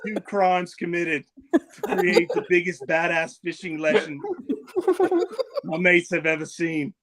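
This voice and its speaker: A man's voice: a little high, flat delivery, unhurried, a crowd in the background, natural voice. Man doing a cocky Aussie fishing braggart. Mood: boastful. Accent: put-on Australian. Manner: cocky, swaggering, full of bluster. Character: boastful brash Australian fisherman persona, adult man. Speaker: guest. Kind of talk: comedic character bit.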